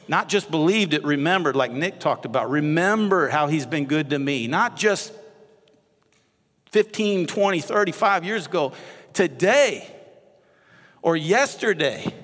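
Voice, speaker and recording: A male associate pastor with a Midwestern American accent preaches a sermon in a conversational, animated way, chatting with the congregation between readings. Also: mid-range voice. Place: church sanctuary. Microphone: lapel mic. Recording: long reverb of a church hall.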